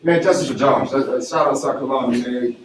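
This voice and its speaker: A man's voice: mid-range voice, fast, a little hiss or hum. A man on a podcast chat, speaking in a heated, indignant way. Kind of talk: casual chat. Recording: echoey room, mic at a distance.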